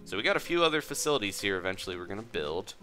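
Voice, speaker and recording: A man giving casual, playful commentary over a life-sim game, with soft game music behind. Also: lowish voice, very animated, racing. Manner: playful, reads game dialogue aloud. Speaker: gaming video host.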